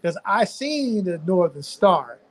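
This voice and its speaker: Older man, high voice, Louisiana drawl, folksy preachy talk, video call. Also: sing-song, slow, rough recording. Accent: Southern US, Louisiana. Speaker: physician guest. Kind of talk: live online Q&A chat.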